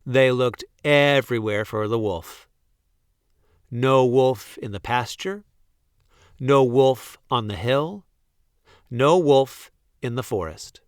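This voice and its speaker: A man reads a children's story aloud at a slow, unhurried pace. His voice is smooth and clear, with a close, dry sound. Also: medium pitch, dry recording. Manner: slow, gentle, expressive storytelling. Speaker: storybook reader.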